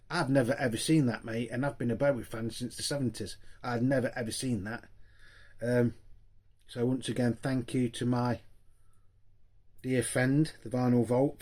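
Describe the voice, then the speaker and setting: A man's voice: mid-range voice, mellow. Older bloke chatting on his vlog, kinda choked up, keeps saying thanks, mid voice. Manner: emotional, repeats thanks, many fillers. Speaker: vinyl collector vlogger. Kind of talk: casual vlog to viewers.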